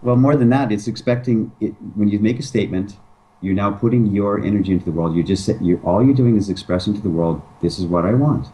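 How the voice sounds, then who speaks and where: A man with a low, warm voice speaks as a guest in a relaxed interview. He is emphatic and often slips into acted-out pickup lines. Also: fast talker, rough recording. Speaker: dating advice guest. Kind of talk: casual interview talk.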